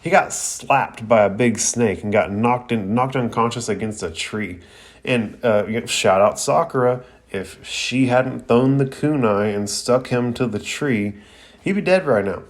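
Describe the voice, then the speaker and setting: A man's voice: medium pitch, a little slow. A young man hosting a podcast, recapping a cartoon episode in a slangy, laughing way with many restarts and some swearing. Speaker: podcast host reviewing anime.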